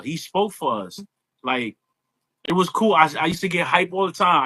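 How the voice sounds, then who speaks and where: Male guest, animated casual chat, bright tone. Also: fairly high pitch, normal speed, slightly rough, dry recording. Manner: animated, conversational, repeats "you know". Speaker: guest, social media influencer.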